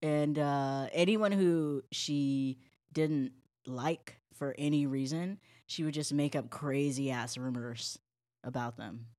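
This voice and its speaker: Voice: mid-range voice, takes it slowly, a little mellow. A podcast co-host telling a story in casual chat, blunt and irreverent.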